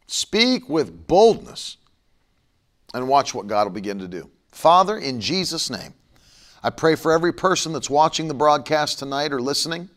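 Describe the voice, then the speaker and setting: This is a middle-aged man's broadcast sermon and prayer, voiced a little high and a bit bright. He preaches with fervent emphasis, now and again poking fun at his critics.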